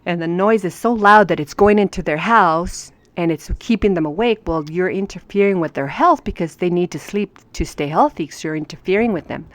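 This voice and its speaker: Brief: woman, mid-pitched, chatty home teacher, emphatic asides. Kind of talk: casual lesson reading legal maxims.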